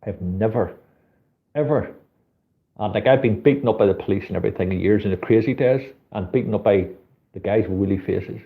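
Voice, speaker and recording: A man's voice: lowish voice, a little fast. A middle-aged man with a Northern Irish accent, telling a street story in casual chat and swearing freely. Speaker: street photographer hosting a live chat. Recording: tinny phone-like audio.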